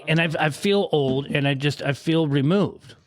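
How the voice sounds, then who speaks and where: A man's voice: fairly high pitch, normal speed, dry recording, studio quality, soft background music. A man hosting a casual podcast chat, talking in a reflective, rambling way with many fillers.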